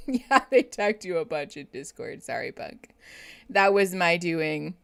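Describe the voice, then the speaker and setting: Slow-talking woman therapist streaming live. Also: lowish voice, expressive, creaky. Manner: chatty, laughs often, talks to chat. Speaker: therapist and livestream host. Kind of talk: casual live reaction chat.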